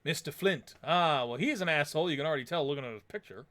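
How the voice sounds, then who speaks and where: A man's voice: fairly high pitch, animated, fast, fairly bright tone. A man streaming a game, making blunt, wry asides. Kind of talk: live game commentary.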